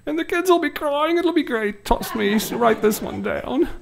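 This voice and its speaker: A man voicing an eager male toy peddler, boasting in a salesy, high-pitched voice. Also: expressive, moderate pace, gravelly, background noise, full character voice. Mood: boastful.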